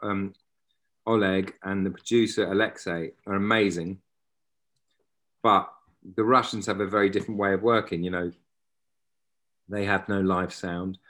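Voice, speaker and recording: A man in his forties with a fairly low voice. He is a guest actor who rambles through casual stories, restarting his sentences as he goes. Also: fairly even intonation, normal speed, pauses often, fairly bright tone. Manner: rambling, self-interrupting, anecdotal. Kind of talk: casual interview chat.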